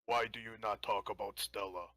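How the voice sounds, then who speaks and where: A man with a bright, forceful voice plays a tabletop game, often stopping and restarting as he thinks aloud. His voice sounds dry and close, with no room around it. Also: fairly low pitch, steady tone, moderate pace, dry recording. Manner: hesitant, full of restarts. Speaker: player. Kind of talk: casual tabletop game chat.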